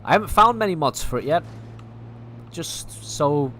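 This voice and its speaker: He's a gaming streamer from Manchester, England, offering casual, mildly sweary commentary and thinking aloud as he plays. His voice is on the high side, bright and forceful, animated at normal speed, with a little background noise.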